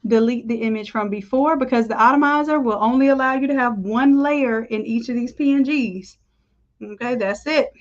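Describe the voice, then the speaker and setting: A woman's voice: a little high, moderate pace, muffled recording. Chatty woman teaching design live. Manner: chatty, upbeat, talks to viewers as y'all. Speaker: design instructor. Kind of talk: live screen-share tutorial.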